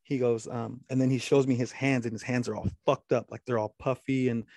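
A brisk, level-toned man with a darkish voice rambles through a long story in casual chat, full of swearing and restarts. He quotes the other man at length, dropping into a low voice. There's no room sound.

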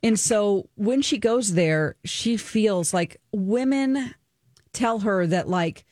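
A woman co-hosting a talk radio show speaks at a medium pitch with an earnest, open manner. She sounds emotional and personal as she talks through her own experiences. Her voice is recorded close on a studio mic with a dry sound and no room echo. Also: animated, takes it slowly, darkish tone. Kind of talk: casual talk-radio chat, reviewing a documentary.

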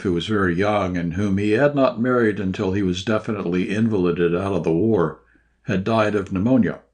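A man reading a short story aloud in scripted first-person narration, at a measured, even pace. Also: lowish voice. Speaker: audiobook narrator.

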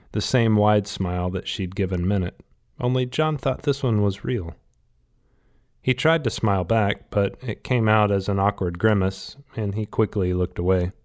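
A man reading a novel aloud in steady, scripted audiobook narration. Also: on the low side.

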